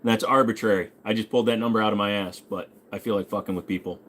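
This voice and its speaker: A man's voice: fairly low pitch, fairly even intonation, quick pace, fairly bright tone, a little hiss or hum. A man in his forties hosting a casual livestream, reading out viewer questions and joking back in a laid-back way with some swearing. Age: 40s. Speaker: host.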